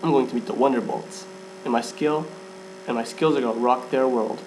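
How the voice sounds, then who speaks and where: A man with a middle-pitched voice reads a first-person fan story aloud. He often trips over words and restarts lines. A faint background hum sits under his voice. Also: brisk, poor audio. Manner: stumbles and restarts, laughs at himself. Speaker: fan fiction reader.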